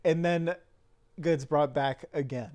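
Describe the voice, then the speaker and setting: A man chatting casually on a podcast, retelling things in an animated way. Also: fairly high pitch, slow pace. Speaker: podcast co-host. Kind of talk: casual chat.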